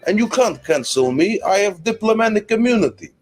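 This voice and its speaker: A man's voice: sits high, lively intonation, brisk. A man voicing a boastful, contemptuous comic-book tyrant in a fan-made dub, delivering a mocking, foul-mouthed rant full of grand boasts. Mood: scornful. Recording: clip with faint music behind. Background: faint music.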